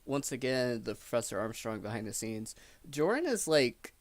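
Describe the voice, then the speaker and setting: A man's voice: mid-range voice, big pitch swings, moderate pace, dry recording. A man giving casual commentary, chatty and filling his talk with "like". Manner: chatty, fills with "like". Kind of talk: casual commentary over clips.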